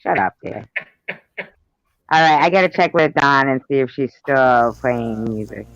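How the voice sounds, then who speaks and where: A man's voice: medium pitch, unhurried, creaky, fairly bright tone, dry recording, dull audio. A man hosting a casual live stream group chat, who laughs easily and keeps checking on his guests.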